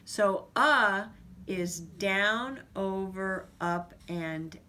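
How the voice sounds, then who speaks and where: A woman teaching parents how to guide children in writing their sounds, explaining each step slowly and patiently. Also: mid-range voice, pushed and bright. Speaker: reading teacher. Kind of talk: instructional demonstration.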